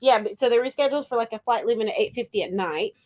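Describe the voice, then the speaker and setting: A woman's voice: a little high, quick pace, darkish tone. A woman from Texas co-hosting a podcast, chiming in and acting out her own past words while telling a travel mishap. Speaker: podcast co-host. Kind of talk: casual chat.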